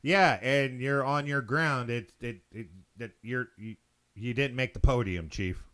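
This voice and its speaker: A man's voice: mid-range voice, unhurried, a bit bright. A man hosting his own show, ranting opinions in a blunt, profane monologue, stumbling and repeating words. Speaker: show host.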